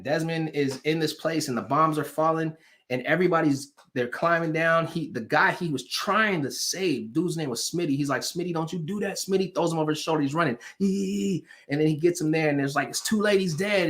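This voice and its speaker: A man giving an animated motivational talk to a live online audience, preacher-like, repeating phrases for emphasis and asking viewers for hearts and comments. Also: fairly high pitch, fairly quick. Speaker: motivational speaker.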